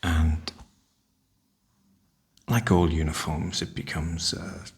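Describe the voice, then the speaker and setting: An older man, softly half-whispering a wry, chatty ASMR ramble. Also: low-pitched, level tone, slow pace, creaky, breathy edge. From northern UK. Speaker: ASMR host.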